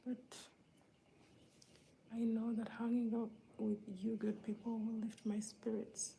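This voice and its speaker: A woman from Uganda hosts a live stream and reads out her viewers' names in a hushed, unhurried voice. Her tone is mellow and dark with some vocal fry, a little higher than average. She sounds low-key and a bit under the weather, with faint background noise. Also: monotone, rough recording. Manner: soft, laid-back and low-key. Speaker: livestream host greeting viewers. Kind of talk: whispery live-stream chat.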